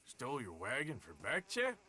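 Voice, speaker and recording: An actor playing a blunt outlaw cowboy in a video game who speaks in short, curt questions. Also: male voice, mid-range voice, huge pitch swings, normal speed, pushed and bright, full character voice.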